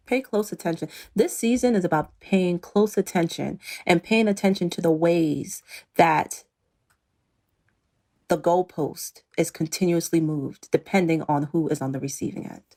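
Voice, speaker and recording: A woman's voice: on the low side, moderate pace. A middle-aged woman, a reality show cast member, talking earnestly and pointedly in an interview, acting out what others said. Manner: earnest, pointed, quotes others in lively voices. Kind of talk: emotional interview talk.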